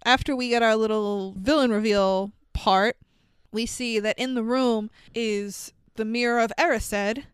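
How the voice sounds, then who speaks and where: A woman with a fairly high, smooth, clean voice retells a film scene by scene, animated and swearing freely. Her voice sits close to the mic, dry with no room sound at all. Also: a little slow, no echo. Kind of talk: casual movie recap.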